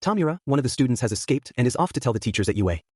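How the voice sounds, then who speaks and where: A man putting on a low, urgent villain henchman. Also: expressive, racing, darkish tone, husky, no echo, studio quality.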